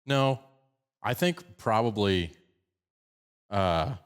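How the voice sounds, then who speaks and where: A man from Colorado with a slight picked-up Southern twang, hosting a podcast in fast, animated casual chat. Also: on the low side, smooth. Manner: fast-talking, animated storyteller. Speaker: podcast host.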